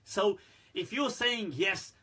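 Man, casual religious live-stream talk, husky tone, fairly high voice, chatty with fillers. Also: lively intonation, measured pace, sharp tone. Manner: chatty, laughs at his own jokes, many fillers. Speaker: Islamic scholar and live-stream host. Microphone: front-facing phone or webcam.

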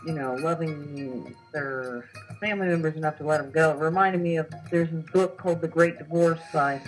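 Low-voiced woman telling a story casually. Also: moderate pace, soft background music, rough recording. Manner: animated storytelling with acted-out quotes. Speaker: co-host. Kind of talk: casual conversation recounting a dream.

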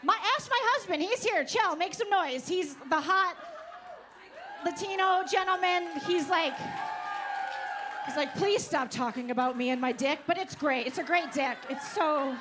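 A woman doing a brash, profane stand-up set at a live show, teasing the audience. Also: very high voice. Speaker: stand-up comedian. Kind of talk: stand-up set with crowd work. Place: live comedy show on stage.

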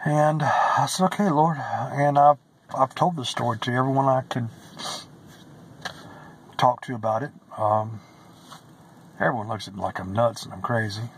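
A man's voice: medium pitch, steady tone, unhurried, pauses often, slightly rough, rough recording. A man giving a personal religious testimony, earnest and emotional, who repeats phrases and sometimes drops to a whisper.

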